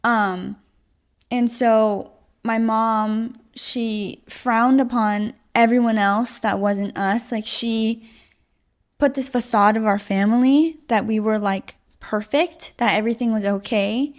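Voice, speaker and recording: Young woman, late teens, guest testimony, casual and halting, slightly high voice. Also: fairly even intonation. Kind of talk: personal testimony.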